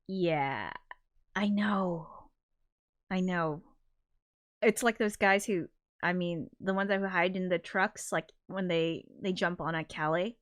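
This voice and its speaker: A woman livestream host and composer reads viewer comments aloud in a mid-range, steady voice, speaking slowly with long pauses. She's chatty and rambling, reacting with loud shocked exclamations and laughter.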